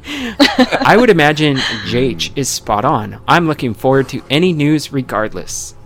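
A man's voice: medium pitch, big pitch swings. Chatty male podcast host. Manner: halting, full of fillers and restarts. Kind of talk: casual podcast chat.

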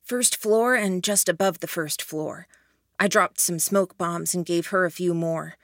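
A sly, teasing young man, read by a woman narrator talks softly and dryly. The voice sits low. The sound is dry and close. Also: measured pace, dry recording.

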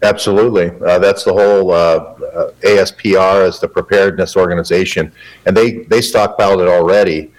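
A man with a very low-pitched voice, interviewed as a guest journalist. He rambles on in a matter-of-fact way, padding his answers with fillers. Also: steady tone, fairly quick, poor audio.

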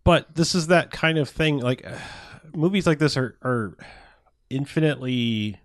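A man ranting in casual chat about a movie, profane and animated. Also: mid-range voice, measured pace, dry recording, studio quality. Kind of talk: casual film review chat.

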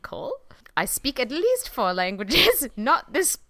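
A woman's voice: high voice, wildly swooping pitch, slow, bright, forceful tone, no echo, studio quality, voice pushed up, heavily acted. A woman voicing a smug, evil male Nazi colonel from a film, with a hammy put-on foreign accent.

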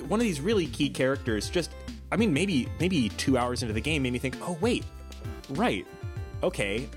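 A man's voice: mid-range voice, animated, brisk, faint music behind. A man from Texas co-hosting a podcast, talking earnestly with frequent restarts. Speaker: podcast co-host. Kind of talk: casual podcast discussion.

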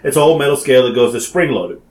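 Animated laughing man in a roomy room. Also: mid-range voice, fast, slight background noise. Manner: animated, laughs often, acts out quotes. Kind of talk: casual storytelling chat. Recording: roomy echo.

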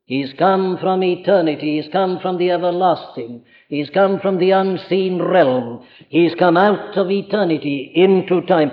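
A man's voice: high voice, a little slow, hardly any pauses, big-room sound. A man with a Welsh accent preaching a sermon, earnest and emphatic, speaking directly to his listeners. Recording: dull lo-fi archive recording.

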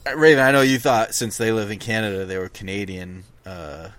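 Lower-voiced man recapping comic news. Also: fairly even intonation, a little fast, a bit bright, dry recording. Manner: chatty, recapping news, talks over others. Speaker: podcast co-host. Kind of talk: casual comic book podcast chat.

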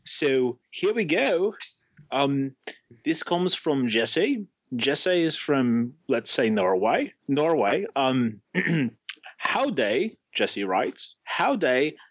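A man's voice: mid-range voice, very animated, drawn-out words, fairly bright tone, dry recording, exaggerated voice. A man putting on a sing-song Swedish-accented letter writer. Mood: cheery. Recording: slightly muffled dry audio.

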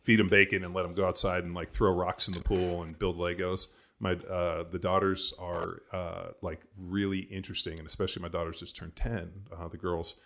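A man in his forties with a very low, deep voice hosts a casual podcast chat. He rambles through stories, leaning on "like" and dropping the odd swear word. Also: level tone, moderate pace, gravelly, hardly any pauses, pushed and bright. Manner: rambling storyteller, heavy use of "like", swears casually. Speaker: podcast host.

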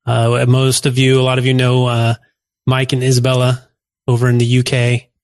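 A man co-hosts a podcast in casual chat and ribs the guests with sarcasm. His voice sits at an ordinary pitch and sounds dry and close. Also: completely flat delivery, moderate pace, no echo. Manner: teasing, sarcastic. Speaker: co-host.

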